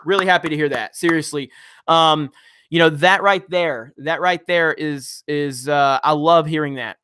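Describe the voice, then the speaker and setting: A man's voice: fairly high pitch, normal speed, sharp tone, a little hiss or hum. A man hosting a casual live stream, reading viewer comments and ranting bluntly with frequent swearing and restarts. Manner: blunt, profane, rambling with many restarts. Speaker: YouTube channel host.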